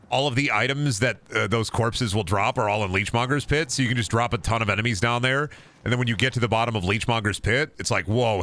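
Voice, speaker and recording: Riffing sarcastically and with plenty of profanity, a man talks casually over his gameplay stream, putting on goofy voices for jokes as he rambles. His voice is medium in pitch with a sharp tone.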